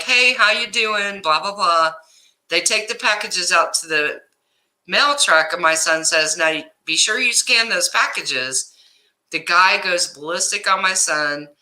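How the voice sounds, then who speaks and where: A middle-aged woman hosting a casual livestream, telling a story in an animated way and greeting viewers by name, upset and stressed. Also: fairly low pitch, poor audio. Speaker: livestream host.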